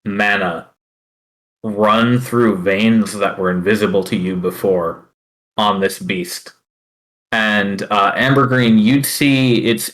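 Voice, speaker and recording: A man running a tabletop game as dungeon master, narrating slowly and carefully, with many fillers between phrases. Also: on the low side, a bit bright, low-quality recording.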